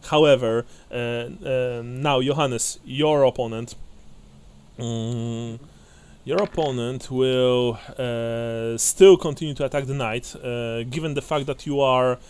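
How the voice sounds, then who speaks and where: A man narrating as game master of a tabletop game, hesitant with many fillers and restarts, often breaking into quick laughs. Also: mid-range voice, steady tone, a little mellow, clean tone.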